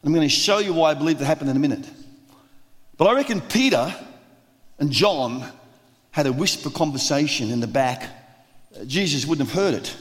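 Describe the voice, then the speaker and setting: A man preaching a sermon, lively and acting out the voices of the crowd. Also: a little high, moderate pace, long pauses. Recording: long reverb of a large hall.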